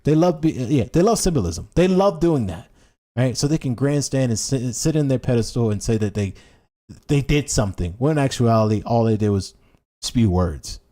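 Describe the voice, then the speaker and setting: A man's voice: medium pitch, expressive, normal speed, mellow. A man ranting casually about politics, reading headlines aloud, stumbling and restarting, hammering points with repetition. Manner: stumbling over words, many restarts; emphatic, repeats phrases for effect. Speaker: political commentary streamer.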